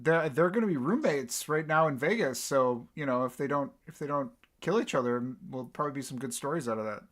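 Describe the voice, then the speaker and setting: A man co-hosting a podcast, chatting casually with relaxed, agreeable banter. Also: mid-range voice, brisk, hardly any pauses. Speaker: podcast co-host.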